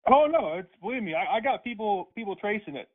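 Angry sweary guy on the phone, high voice, sounds like a cheap phone line. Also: animated, a little fast. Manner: angry, profane, insulting rants. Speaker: prank call target.

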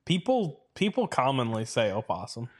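A man's voice: medium pitch, wildly swooping pitch, moderate pace, slightly rough. Easygoing man chiming in on a podcast. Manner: easygoing, agreeable, chimes in with short replies. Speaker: podcast co-host. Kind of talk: casual chat.

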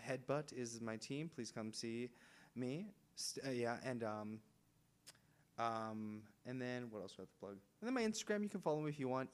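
A young man from Los Angeles, a guest improviser chatting casually and laughing easily. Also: medium pitch. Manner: laid-back, laughs easily. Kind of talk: casual chat.

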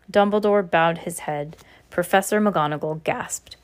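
A woman reads a novel aloud at a steady pace. Her voice sits a little low for a woman. She restarts a word now and then. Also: moderate pace. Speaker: reader.

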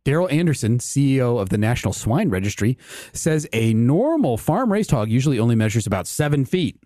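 A man's voice: mid-range voice, sing-song, fairly quick, dark tone, no echo, studio quality. A man hosting a comedy podcast, reading an odd news story aloud and joking with guests. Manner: reads news story jokily, laughs often. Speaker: podcast host.

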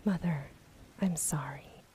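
A woman's voice: low voice, slow pace, dark tone, a little hiss or hum. A woman whispering the lines of a weary, sardonic young prince in a whispered role-play storybook reading.

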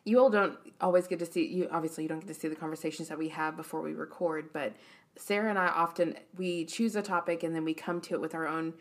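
Low, gravelly young woman podcast host. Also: fairly even intonation, fast. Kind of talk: casual faith-based chat.

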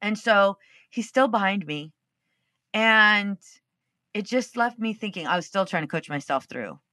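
This is a woman host of her own podcast, telling a personal story in an easygoing, unfiltered way and cursing when it fits. Her voice is bright with an edge of tension. The sound is close and dry. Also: mid-range voice, a little slow, no room sound. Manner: candid and expressive, swears freely. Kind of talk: casual storytelling monologue.

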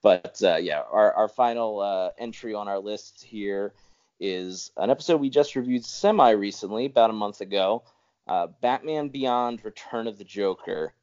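A man co-hosting a casual podcast in a lowish voice. He rambles, restarts his phrases and chuckles now and then. The audio is dull and lo-fi. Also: moderate pace, a little mellow. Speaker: podcast co-host. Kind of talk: casual chat.

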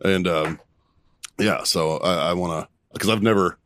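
A deep-voiced male podcast host chatting casually. He rambles, restarts his sentences and swears constantly, recorded dry and close. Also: unhurried, a bit bright, no room sound. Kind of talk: casual chat.

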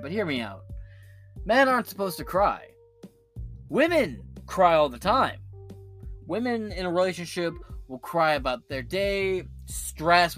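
Profane ranting man, fairly high voice. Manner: profane, animated ranting with many restarts. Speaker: political commentary host. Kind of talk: casual ranting commentary.

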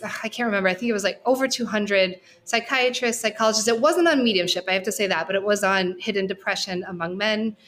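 A woman's voice: mid-range voice, a bit bright, slight background noise. A woman guesting on a podcast, a researcher sharing a personal story in a candid, heartfelt, talkative way. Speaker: guest, social work researcher.

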